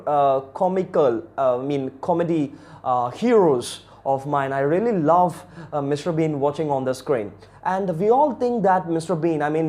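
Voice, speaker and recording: A man's voice: fairly high pitch, mellow. A man with an Indian accent giving a chatty video lesson on English accents, talking straight to viewers with many fillers.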